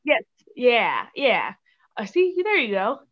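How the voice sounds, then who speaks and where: A woman's voice: fairly high pitch, wildly swooping pitch, slow pace, a bit bright. A young woman from Chicago, a guest on a podcast, chatting casually and giggling, with many "like"s and "um"s. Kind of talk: casual interview chat.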